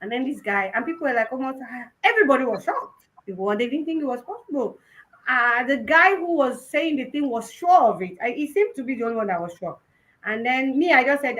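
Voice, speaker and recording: Animated Nigerian woman telling her story. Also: high voice, fairly quick, low-quality recording. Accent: Nigerian, Yoruba-influenced English. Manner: animated storytelling, switching between English and Yoruba. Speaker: conference speaker. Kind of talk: personal testimony talk.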